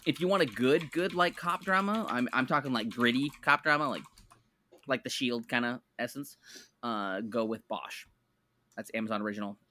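Bright-voiced, rambling podcast co-host man. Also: medium pitch, normal speed. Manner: rambling, self-correcting, enthusiastic recommendations. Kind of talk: casual chat.

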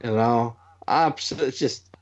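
A man on a podcast, telling stories in casual chat, animated and swearing, mimicking voices. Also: medium pitch, takes it slowly. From Wales. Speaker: podcast co-host.

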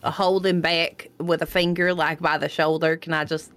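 A woman's voice: low voice, flat delivery, normal speed, fairly bright tone. A woman playing in a tabletop game who chats casually and scolds in a chiding way, repeating her words. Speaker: player.

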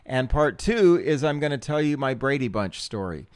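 A man's voice: mid-range voice, lively intonation, moderate pace, darkish tone, smooth, no echo, studio quality. A middle-aged man hosting his own podcast in a chatty, self-deprecating way, with ums and small laughs. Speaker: podcast host. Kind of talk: casual solo podcast talk.

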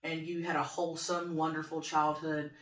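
A woman's voice: low voice, little pitch movement, moderate pace, fairly bright tone, roomy sound, far from the mic. A woman co-hosting a podcast in casual chat, playfully teasing and laughing often. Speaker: podcast co-host.

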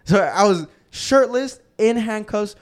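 A young man tells wild party stories on a casual podcast, swearing freely and saying "bro" again and again. His voice sits a little high and sounds smooth and clear. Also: measured pace. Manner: profane, animated storyteller, says "bro" a lot. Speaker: podcast co-host. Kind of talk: casual storytelling chat.

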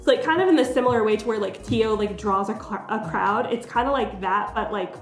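A woman's voice: medium pitch, fairly quick. A young woman co-hosting a podcast, recapping a game route in casual chat full of fillers, laughing often. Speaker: podcast co-host. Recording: roomy echo, faint music bed.

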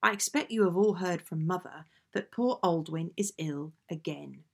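Low, gravelly woman reading old letters. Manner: measured, genteel letter-reading. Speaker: audiobook reader.

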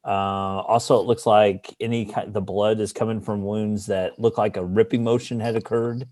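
A man's voice: on the low side, flat delivery, moderate pace, darkish tone, no echo. A man playing a tabletop role-playing game, thinking aloud and laughing easily. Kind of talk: casual in-character game talk.

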